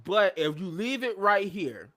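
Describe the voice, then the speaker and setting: A man hosting a live show, retelling events in a casual, animated recap and acting out the quotes. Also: high-pitched, measured pace, noisy background.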